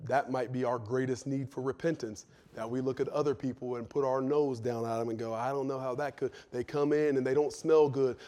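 A man preaching a sermon with fervent delivery, moving from loud pleading to hushed intensity. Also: mid-range voice.

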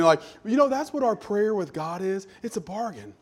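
A pastor preaching a sermon, conversational at first and building to loud, emphatic questions. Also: male voice, high-pitched, animated, moderate pace, hardly any pauses.

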